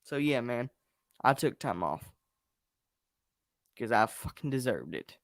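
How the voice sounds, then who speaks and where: A man's voice: medium pitch, big pitch swings, takes it slowly, dry recording, studio quality. A young man hosting a wrestling review show, speaking frankly and with blunt emphasis as he vents and shares opinions. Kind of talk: casual chat.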